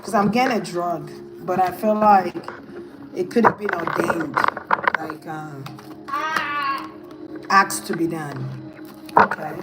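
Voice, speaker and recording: A woman's voice: lowish voice, slow, pauses often, very noisy. A woman giving a casual tarot reading, thinking aloud in a hesitant, musing way. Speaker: tarot reader.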